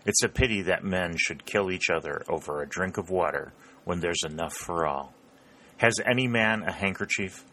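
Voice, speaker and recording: A man playing a calm, generous Union colonel. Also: low voice, moderate pace. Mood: measured.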